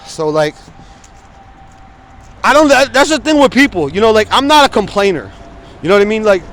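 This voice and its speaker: A man's voice: high voice, fairly bright tone. A man in his forties vlogging while he walks outside in the cold, talking bluntly with lots of swearing. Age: 40s. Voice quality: frequent swearing, blunt and emphatic. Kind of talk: casual walking vlog rant. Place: outdoors on a city street, walking in the cold. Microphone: phone camera held while walking.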